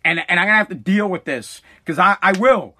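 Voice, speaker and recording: A man's voice: high voice, brisk, pushed and bright. A man in a fired-up, profane ranting monologue, mocking the people he talks about, recorded at home at night.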